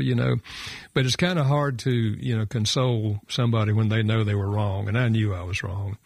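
A man's voice: fairly low pitch, steady tone, normal speed, no room sound, studio quality. An older man telling a personal story as a talk show guest, reflective and folksy, with frequent fillers. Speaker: guest author and counselor.

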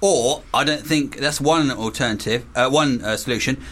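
A man co-hosting a comedy radio show, deadpan with absurd jokes. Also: medium pitch, normal speed. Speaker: radio co-host. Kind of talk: casual comedy radio chat. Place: radio studio.

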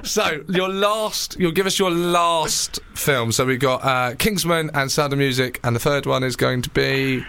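A man's voice: medium pitch, a little slow, creaky, few pauses, bright, forceful tone, clean tone. A young man hosting a casual chat podcast, chatty and self-mocking, laughing often. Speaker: podcast host.

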